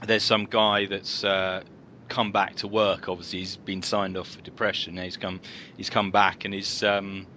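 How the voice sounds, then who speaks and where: A man with a bright, forceful voice co-hosts a comedy podcast, spinning meandering anecdotes full of ums and restarts. Faint hiss sits under the recording. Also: sits low, flat delivery, normal speed. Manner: rambling anecdotes, frequent fillers and restarts. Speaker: podcast co-host. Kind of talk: casual comedic chat.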